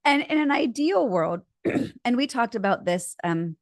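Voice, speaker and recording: A woman's voice: on the high side, lively intonation, a little slow, no room sound, clean studio sound. A middle-aged woman co-hosting a couples therapy podcast, talking expressively with frequent restarts. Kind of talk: casual chat with role-play.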